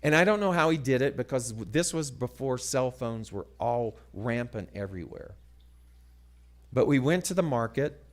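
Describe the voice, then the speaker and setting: A man telling a story as a sermon, dramatic and animated, dropping to hushed asides. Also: medium pitch, normal speed. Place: church sanctuary.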